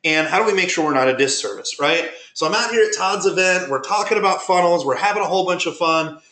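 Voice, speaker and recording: A man presenting a webinar, telling business stories in an animated way and acting out conversations he had. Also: high voice, fast talker. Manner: animated, retells conversations with quoted dialogue. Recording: roomy echo.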